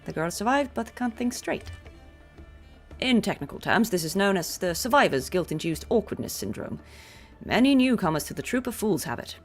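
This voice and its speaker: A woman's voice: mid-range voice, big pitch swings, normal speed, faint music behind. A woman voicing a theatrical old male clown who talks like a grand stage performer. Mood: mock-serious.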